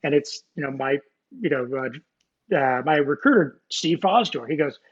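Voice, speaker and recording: A man's voice: on the high side, lively intonation, normal speed, slightly rough. A man in his forties, a former Navy nuclear technician, telling his story in a casual interview, rambling with many fillers and restarts and joking about being a nerd. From United States. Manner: nerdy, self-deprecating. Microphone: video call. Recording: muffled video call audio.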